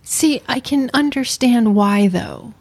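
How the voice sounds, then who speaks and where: A woman's voice: a little high, slow, darkish tone, slightly rough, no room sound. A woman co-hosting a podcast, chatting casually and with playful insistence as she reviews a series. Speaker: podcast co-host.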